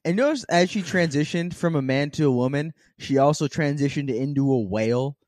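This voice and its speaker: A young man co-hosting a comedy podcast, excitable and giggly, leaning on "dude" a lot. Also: on the high side, a little fast, no echo, clean studio sound. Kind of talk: casual podcast chat.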